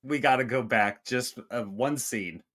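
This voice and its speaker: A man's voice: medium pitch, unhurried. A man co-hosting a casual comedic movie review, talking crudely and swearing, slipping into mocking impressions. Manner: crude, animated, mocking spooky voices. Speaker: podcast co-host.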